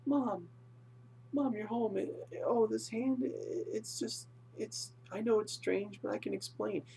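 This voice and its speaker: A man's voice: unhurried, gravelly, dark tone, slight background noise. A man voicing a panicking teenage boy in frantic, pleading desperation. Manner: frantic, high-pitched pleading.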